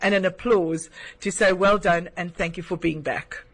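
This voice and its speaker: A man with a notably high-pitched voice hosts a radio interview. He is effusive and generous with praise, keeping the talk warm and encouraging. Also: steady tone, moderate pace, husky, poor audio. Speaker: radio host.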